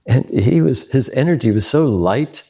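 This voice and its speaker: Gravelly-voiced man telling trail stories. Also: medium pitch, moderate pace. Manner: animated, laughing, candid storyteller. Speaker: guest. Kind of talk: casual interview storytelling.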